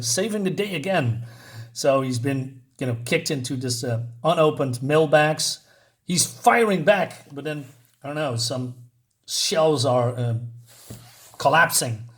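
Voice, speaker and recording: Pria santai mengulas komik. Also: male voice, a little high. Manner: rambling, lots of "you know" fillers. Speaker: comic book reviewer. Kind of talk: casual video review.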